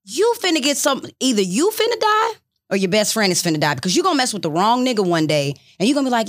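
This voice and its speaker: A woman co-hosting a casual podcast chat, telling stories in an animated way and acting out what people said. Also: on the high side, fast talker. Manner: animated storytelling, acting out quotes. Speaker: podcast co-host.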